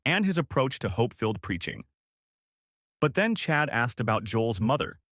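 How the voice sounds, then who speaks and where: An earnest male narrator reads a polished script, his pitch rising and falling freely. The sound is close and dry, with no room around it. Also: fairly bright tone, no echo.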